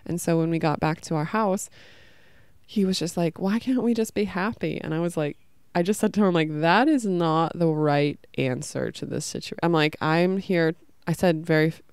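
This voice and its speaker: A woman's voice: low voice, normal speed, a little mellow, clear, resonant tone, no echo. A woman hosting a podcast, telling an emotional personal story in a rambling way with many fillers. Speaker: podcast host.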